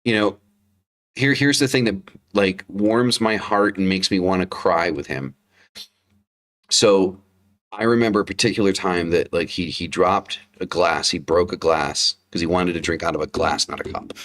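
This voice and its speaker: A man's voice: sits low, fairly bright tone. A man in his thirties co-hosting a casual livestream talk show, speaking candidly, swearing often and repeating himself as he tells stories. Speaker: podcast co-host, father.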